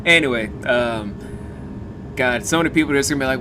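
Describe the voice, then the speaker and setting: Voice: mid-range voice, expressive, fairly quick, noisy background. A podcast host interviewing a guest in casual chat, joking and drifting into tangents. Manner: jokey, goes off on tangents.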